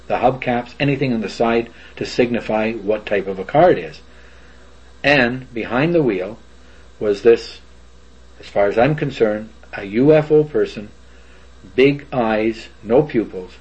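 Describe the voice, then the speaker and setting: A man's voice: medium pitch, a little mellow, slightly rough. An older man giving rambling, detailed first-person testimony about something he witnessed. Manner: rambling, detailed storytelling with fillers. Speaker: eyewitness. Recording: dull lo-fi recording.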